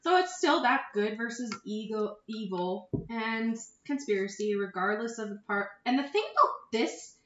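A woman's voice: a little high, very animated, normal speed, hardly any pauses, dull audio. Blunt woman co-host in an echoey room. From Canada. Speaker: podcast co-host. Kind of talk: casual chat.

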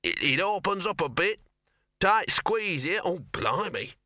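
A man's voice: medium pitch, lively intonation, a little slow, pushed and bright, no room sound, clean studio sound. A man voicing a grumbling streetwise talking dog. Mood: strained. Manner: grudging, streetwise, wary.

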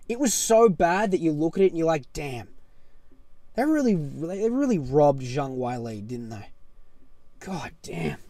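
A man hosting a casual solo podcast, talking excitably and with plenty of swearing, swinging from loud bursts to low mutters. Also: no room sound. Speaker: podcast host.

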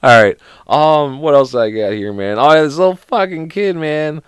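A man's voice: fairly high pitch, lively intonation, normal speed, clean tone, no echo. A young man who is sick hosts a podcast alone in casual chat. He swears constantly and rambles through anecdotes. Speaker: podcast host.

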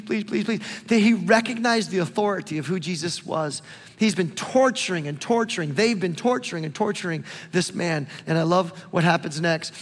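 A male pastor preaching a sermon in an animated, conversational way. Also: sits high, long reverb tail. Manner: animated, conversational preaching with repeated calls to look.

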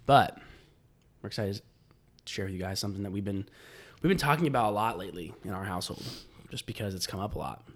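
A man's voice: lowish voice, expressive, fast, pauses often. A man co-hosting a faith podcast in casual chat, joking and playful. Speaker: podcast co-host.

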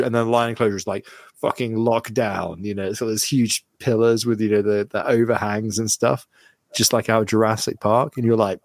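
A man co-hosting a podcast in casual chat, swearing freely and telling animated anecdotes. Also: medium pitch, quick pace, no room sound. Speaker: podcast co-host.

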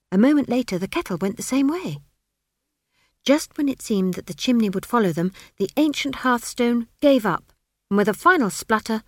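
A woman narrating a comic fantasy novel with expressive, dramatic storytelling. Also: medium pitch, dry recording, clean studio sound. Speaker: audiobook narrator. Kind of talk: scripted narration.

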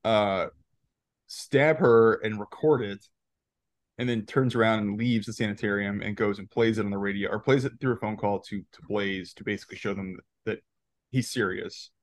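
A man's voice: on the low side, fairly even intonation, normal speed. A man co-hosting a podcast, rambling through a movie recap in casual chat, laughing often and restarting his sentences. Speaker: podcast co-host.

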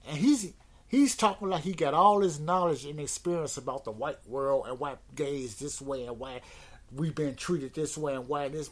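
A man's voice: fairly high pitch, normal speed. A man hosting his own podcast, telling stories in a rambling, repetitive and exasperated rant. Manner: rambling, repeats words, exasperated. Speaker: podcast host. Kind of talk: casual monologue rant.

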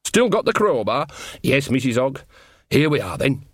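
A man's voice: medium pitch, very animated, normal speed. A man voicing a bawdy, earthy old witch woman who talks bluntly and teases. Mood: chatty, teasing. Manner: blunt, homely, teasing.

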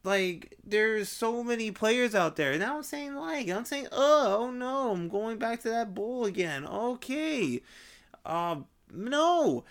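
A man rambling in a casual vlog monologue, swearing and cutting himself off, in an unusually high, strained voice. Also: animated, slow. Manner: rambling, swearing, self-interrupting. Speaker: vlogger.

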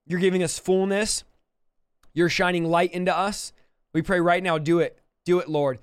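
A man's voice: high voice, steady tone, normal speed, clean tone, no room sound, studio quality. A man preaching and praying with fervent, repetitive exhortation. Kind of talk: sermon with prayer.

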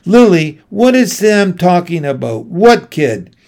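A man's voice: sits high, sing-song, slow pace, vocal fry, a little mellow, pitched above the performer's own voice, exaggerated voice. A man reading an audiobook, voicing a worried and stern mother with tense, scolding questions. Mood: upset. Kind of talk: audiobook character voice.

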